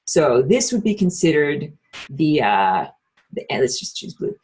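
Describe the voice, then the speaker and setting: A woman's voice: low voice, very animated, measured pace, a little mellow. A woman giving a casual online spiritual lecture while she draws, talking bluntly and emphatically, with lots of "like" and some swearing. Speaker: spiritual teacher.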